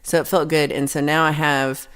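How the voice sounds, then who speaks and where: A woman's voice: low voice, little pitch movement, normal speed, clear, resonant tone. A woman hosting a livestream, telling a long story in a casual, rambling way with many restarts. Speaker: livestream host.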